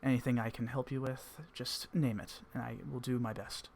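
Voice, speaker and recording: A man's voice: mid-range voice, flat delivery, normal speed, vocal fry, a little mellow, a little hiss or hum, natural voice. A man voicing a polite female robot who speaks formally. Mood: courteous. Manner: courteous and formal.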